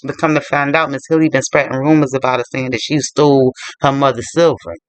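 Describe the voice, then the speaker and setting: A man's voice: mid-range voice, fairly even intonation, brisk, dry recording. A man retelling a novel's plot in a chatty, loose way, full of fillers and asides to the viewer. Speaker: book vlogger. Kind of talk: casual book retelling.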